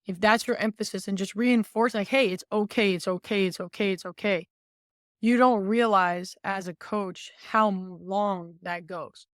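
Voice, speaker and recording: A woman's voice: medium pitch, normal speed, no room sound. An outgoing young woman telling stories as a podcast guest, slipping into quoted lines as she goes. Her voice sits mid-height for a woman. It is recorded close and dry, with no room sound. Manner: outgoing, animated storytelling with quoted asides. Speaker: guest, former college volleyball player. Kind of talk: casual podcast conversation.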